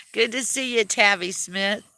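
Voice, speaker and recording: A woman's voice: mid-range voice, bright, forceful tone, no echo. A woman chatting casually on a livestream, self-deprecating and laughing often as she talks. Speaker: livestream host.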